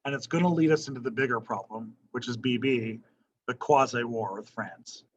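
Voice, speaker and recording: A man teaches a history class in a loose, conversational lecture. He keeps tossing questions to the room and tagging his points with "right?". His voice sits at an ordinary male pitch, and the classroom recording sounds slightly dull and lo-fi. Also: moderate pace, breathy edge.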